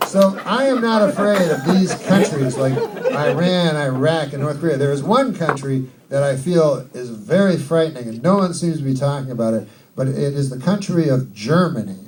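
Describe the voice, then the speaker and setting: A man doing a rambling, deadpan, profane stand-up set before a live audience. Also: fairly high pitch, normal speed. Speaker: stand-up comedian. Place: large hall, live audience. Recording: distant live mic, loud crowd and noise.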